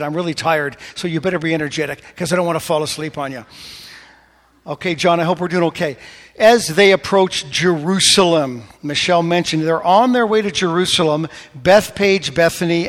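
A man preaching a sermon, questioning his congregation, rising to animated emphasis and dropping to soft prayerful tones. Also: on the high side, long reverb tail. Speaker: pastor.

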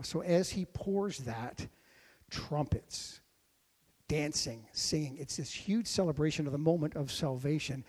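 A man preaching a sermon as pastor, dropping to a hush and then rising to loud, ringing exclamations. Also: medium pitch, a little slow, husky, long reverb tail. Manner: dynamic preaching, swinging from hushed to shouted.

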